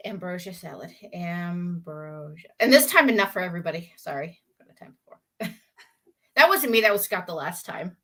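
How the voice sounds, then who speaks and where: A woman's voice: medium pitch, sing-song, brisk, pauses often, bright, forceful tone. A woman with a Southern US accent, co-hosting a casual live video chat, teasing and laughing often. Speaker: co-host.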